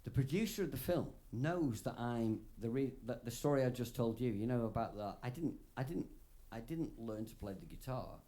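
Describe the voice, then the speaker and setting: A man's voice: medium pitch, lively intonation, moderate pace, few pauses, mellow. A drunk man rambling through a profane story on a concert stage between songs, laughing between phrases, into a stage microphone. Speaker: singer-songwriter performing live. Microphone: stage vocal mic, soundboard feed.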